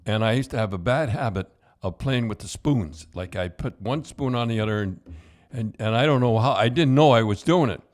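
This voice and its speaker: An older man, a podcast host and former coach, telling hockey stories in a rambling, halting way with chuckles. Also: medium pitch. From Canada. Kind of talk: casual storytelling.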